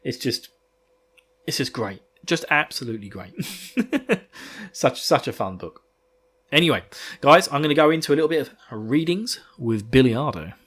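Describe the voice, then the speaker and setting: Bright-voiced, laughing man. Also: medium pitch, normal speed, pauses often, breathy edge. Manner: excitable, laughing, swearing. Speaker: podcast host. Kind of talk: casual book-discussion chat.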